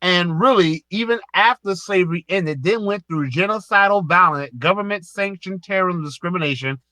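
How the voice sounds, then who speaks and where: A man's voice: sits high, normal speed, pushed and bright, no room sound. A man with a Southern US accent hosting a live online audio space, lecturing a caller in a heated, emphatic way and repeating himself.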